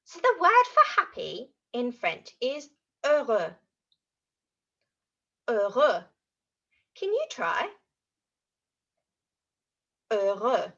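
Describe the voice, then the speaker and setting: A woman leads young children through new words, her voice bright and bouncing widely in pitch. She speaks slowly and in a sing-song way, modeling each word for the children to repeat. The recording sounds a little dull and lo-fi. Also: huge pitch swings. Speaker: children's French teacher. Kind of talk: lively teaching for young children. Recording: dull lo-fi audio.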